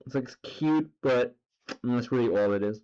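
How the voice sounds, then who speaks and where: A man's voice: mid-range voice, moderate pace, clear, resonant tone, dull audio. A man chatting casually on a drawing stream, rambling and swearing as he goes. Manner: rambling and profane, full of filler words.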